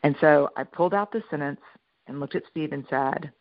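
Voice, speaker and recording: Middle-aged woman, keynote speaker; lively, repeats her points, slightly muffled dry sound. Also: sits low, brisk, dry recording. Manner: lively storyteller, stresses points by repeating them. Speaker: speaker and researcher. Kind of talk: storytelling keynote talk.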